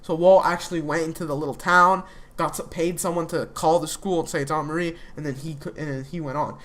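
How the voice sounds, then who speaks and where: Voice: medium pitch, fairly even intonation, a little fast, fairly bright tone. Give me a young adult casually recapping a show, rambling with plenty of fillers. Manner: rambling, with many fillers and restarts. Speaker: TV episode reviewer.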